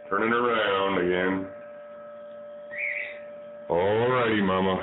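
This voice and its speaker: A man filming his pet bird at home, cooing and baby-talking to her in a singsong voice that swoops up high on repeated phrases. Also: slow pace, long pauses. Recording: tinny phone-like sound with mains hum.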